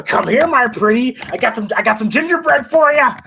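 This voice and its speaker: A man's voice: extremely high pitch, animated, a little fast, creaky, sharp tone, voice pushed up, exaggerated voice. A man putting on the voice of a taunting male slasher villain from nightmares, with a mocking sing-song lilt, on a dull lo-fi recording with faint hiss.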